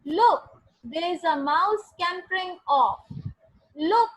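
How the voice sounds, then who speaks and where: A woman's voice: very high-pitched, animated, takes it slowly, rough recording. A woman teacher giving a grammar lesson to a class, patiently repeating sentences and spelling words out letter by letter. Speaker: English teacher.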